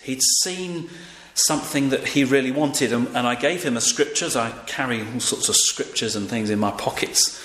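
A man's voice: medium pitch, moderate pace, few pauses, fairly bright tone. Older man preaching in an echoey church. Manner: conversational, with fillers and audience prompts. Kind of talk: sermon. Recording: echoey room with faint ambient noise.

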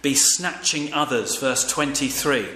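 An older man preaches a sermon in a relaxed, conversational way, often turning to his listeners with questions. His voice sits at a middle pitch. The room around him is echoey, with a faint hum of background ambience. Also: measured pace. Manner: conversational, with fillers and audience prompts.

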